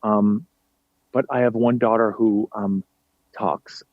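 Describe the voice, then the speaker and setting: A man's voice: lowish voice, fairly even intonation, takes it slowly, no room sound. Middle-aged man, from New York, chatty podcast guest, self-deprecating, dry lo-fi remote audio. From United States, New York. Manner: chatty and self-deprecating, many fillers and restarts. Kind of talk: casual interview chat. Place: at home.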